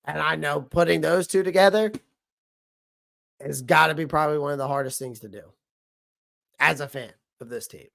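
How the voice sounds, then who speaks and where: A man hosting a fan livestream about his football team, hoarse from losing his voice, talking bluntly and repeating his points. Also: a little high, normal speed, long pauses, fairly bright tone. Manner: blunt, emphatic, repeats himself. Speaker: sports fan show host. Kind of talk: livestream sports rant.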